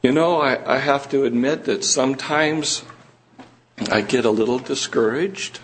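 A man preaching a sermon to a congregation in a church room, earnest and slow, pressing his listeners with rising questions. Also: mid-range voice, a little hiss or hum.

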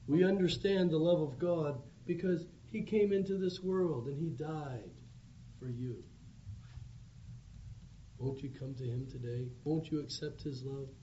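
A man's voice: on the high side, measured pace, dark tone. A man preaching an evangelistic sermon, with earnest, pleading appeals. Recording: dull lo-fi recording with faint background hum.

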